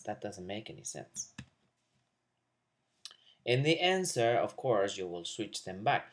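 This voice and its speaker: A man teaching a video language lesson, explaining question forms and slowly modeling example sentences for learners to repeat. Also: lowish voice, sing-song. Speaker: Spanish teacher.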